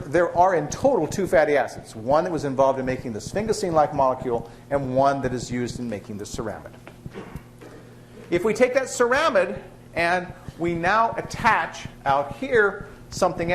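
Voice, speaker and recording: A man's voice: fairly high pitch, a little hiss or hum. A man lecturing a class on biochemistry in a chatty, joking way. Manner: lively, chatty, tells jokes to students. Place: lecture hall with students.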